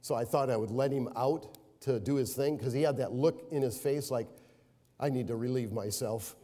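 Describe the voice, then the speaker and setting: Middle-aged male pastor, warm mellow voice, emphatic repeated words, long church reverb. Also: medium pitch, brisk. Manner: emphatic, repeats key words, anecdotes with chuckles. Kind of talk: sermon. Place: church sanctuary.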